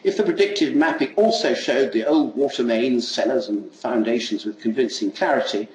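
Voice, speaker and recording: An older man giving an academic lecture, reading a prepared text in a measured way with occasional asides. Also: medium pitch. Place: lecture hall. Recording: echoey lecture hall, faint noise.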